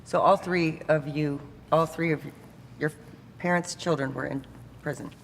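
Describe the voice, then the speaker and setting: A woman's voice: deep voice, fairly even intonation, moderate pace, a little hiss or hum. A woman hosting a talk show interview, sympathetic, with short reactions and follow-up questions. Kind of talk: casual interview. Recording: long hall reverb with faint ambience.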